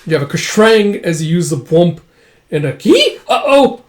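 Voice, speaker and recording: Speaking at an ordinary pace in a slightly high voice, a man reads through a manga and describes the action. His casual commentary wanders and includes swearing.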